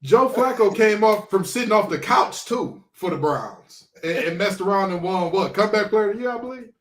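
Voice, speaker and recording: A man co-hosting a sports podcast, trash-talking in an animated way and throwing in preacher-like exclamations. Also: sits high, normal speed. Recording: roomy, far from the mic.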